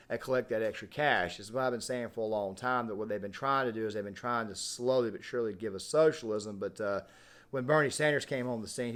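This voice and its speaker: A man hosting his own channel, delivering unscripted political commentary in an animated, emphatic way, with frequent fillers and restarts. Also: on the low side.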